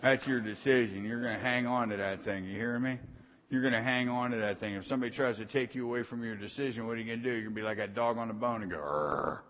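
A middle-aged man preaching a sermon in a folksy storytelling way, swinging from soft asides to loud punchy lines. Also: medium pitch, steady tone, fast, slight background noise. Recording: dull sound in a long-reverb hall.

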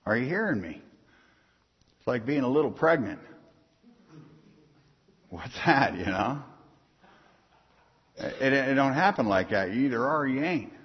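A man's voice: a little high, husky. A man preaching an informal sermon, folksy and punchy, often asking the congregation if they are hearing him. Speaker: pastor. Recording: dull lo-fi sound, long hall reverb.

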